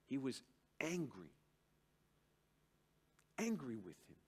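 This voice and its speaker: An older man preaching a sermon to a church congregation, slow and emphatic, with dramatic pauses and big swings between loud and soft. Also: medium pitch, wildly swooping pitch, husky. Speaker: pastor. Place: church service.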